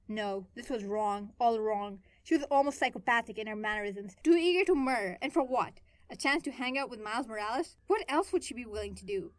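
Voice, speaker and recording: A woman reading her own fan fiction aloud, in an expressive way that swings between soft and loud. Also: fairly high pitch, brisk, few pauses, dry recording. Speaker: fan fiction writer and narrator.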